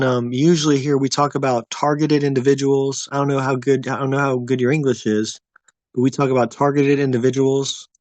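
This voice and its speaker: A man's voice: medium pitch, darkish tone, no echo. Laid-back man rambling on a livestream. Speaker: livestream host. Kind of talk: casual livestream chat with viewers.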